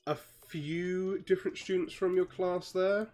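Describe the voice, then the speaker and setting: A game master narrating a tabletop role-play in a relaxed, loose manner with lots of fillers. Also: mid-range voice, unhurried, faint music behind.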